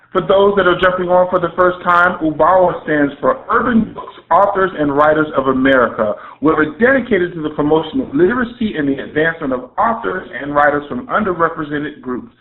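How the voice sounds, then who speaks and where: A man with a Southern US accent hosting an online radio interview, introducing his guest with playful, effusive hype and folksy slang. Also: fairly high pitch. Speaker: radio show host. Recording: tinny phone-line audio.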